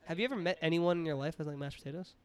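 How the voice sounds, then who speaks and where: A young man rattles along fast in a casual podcast chat, joking and animated. His voice is fairly high and clear. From New York. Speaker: podcast co-host.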